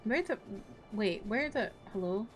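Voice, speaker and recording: A young woman streaming a game, chatting casually, blunt and quick to swear and laugh, with game music behind. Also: mid-range voice, lively intonation. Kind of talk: casual playthrough commentary.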